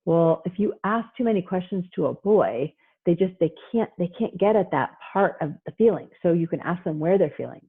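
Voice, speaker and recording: Husky woman giving a lively parenting talk. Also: lowish voice, normal speed. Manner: animated, playfully mimics parents and kids. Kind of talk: lively lecture with acted-out quotes. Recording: tinny phone-like audio.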